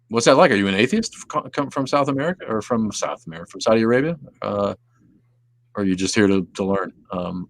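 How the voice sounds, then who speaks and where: Man, very low voice, profane rambling livestream host, reads chat comments. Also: no room sound. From Southeast Wisconsin. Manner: profane, rambling, trails off into mumbles. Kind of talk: casual livestream chat reading viewer comments.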